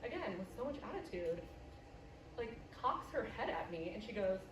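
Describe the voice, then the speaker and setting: A young woman from the US Midwest telling a stand-up story with brash, deadpan punchlines and plenty of swearing. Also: medium pitch, moderate pace, recorded from a distance, noisy background. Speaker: stand-up comedian. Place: comedy club stage. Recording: roomy live club, loud audience laughter.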